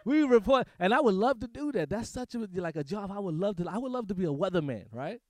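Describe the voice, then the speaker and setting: High-voiced New comedian, dry sound. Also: male voice, very animated, fast, no echo. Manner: loose, rambling, jokey delivery. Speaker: stand-up comedian. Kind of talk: stand-up comedy set. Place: small comedy studio stage.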